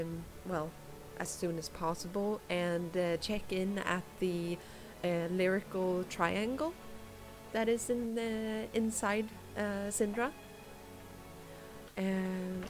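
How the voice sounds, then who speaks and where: A woman playing a cheerful young employer who hires a party of adventurers, speaking haltingly with many ums and little laughs. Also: medium pitch, close to an everyday voice. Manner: hesitant, full of ums, giggly.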